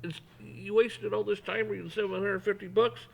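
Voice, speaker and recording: A man's voice: sits high, fairly even intonation, normal speed, creaky, voice pushed up, exaggerated voice, rough recording. Man doing an exasperated self-help guru. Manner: incredulous, lecturing. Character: exasperated male self-help speaker, scolding.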